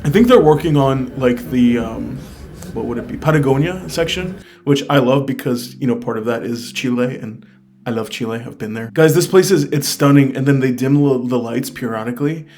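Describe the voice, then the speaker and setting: A man's voice: mid-range voice, normal speed, a little mellow. An American man talking casually to his viewers in a travel review, enthusiastic and peppering his speech with "like" and "I mean". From United States. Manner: chatty, fills speech with "like" and "I mean"; enthusiastic, recommends things directly to viewers. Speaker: travel vlogger. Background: faint guitar music.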